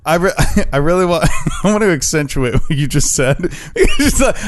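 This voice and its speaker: Emphatic, high-voiced man arguing on a podcast. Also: lively intonation, moderate pace. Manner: emphatic, profane, laughs often. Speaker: podcast co-host. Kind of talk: casual podcast banter.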